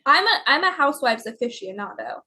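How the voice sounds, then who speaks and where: A woman from Florida chatting on a podcast, laughing often as she tells stories with quick asides. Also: sits high, big pitch swings, sharp tone. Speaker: podcast guest. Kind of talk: casual chat.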